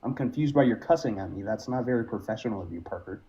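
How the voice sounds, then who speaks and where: A man's voice: fairly low pitch, fast talker, warm tone, breathy edge. A man calling into a live stream debate, distracted and apologetic, swearing casually as he talks. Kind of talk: casual argumentative chat. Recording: dull lo-fi call audio.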